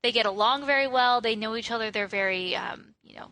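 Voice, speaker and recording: Chatty, bright-voiced podcast woman. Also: a little high, a little fast. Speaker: podcast co-host. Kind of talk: casual film discussion.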